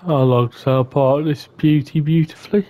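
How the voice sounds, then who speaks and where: Mellow-voiced man gaming. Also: a little high, fairly even intonation, moderate pace, muffled recording. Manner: chatty, mutters to himself while playing. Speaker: gaming streamer. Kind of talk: casual let's-play commentary.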